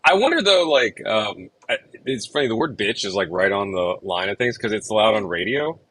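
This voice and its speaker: A man talks through songwriting ideas in a loose, rambling way, full of fillers and restarts. His voice sits on the low side but has a bright, forceful edge. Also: lively intonation, a little fast, breathy edge, no echo, low-quality recording. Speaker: songwriter and show host. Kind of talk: casual chat about songwriting.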